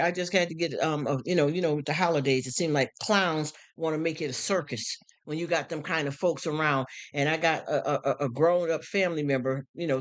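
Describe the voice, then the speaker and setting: A middle-aged woman live streaming, talking bluntly and emphatically with many repeated words while reacting to viewer comments. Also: sits low. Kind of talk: casual live stream monologue, reading comments.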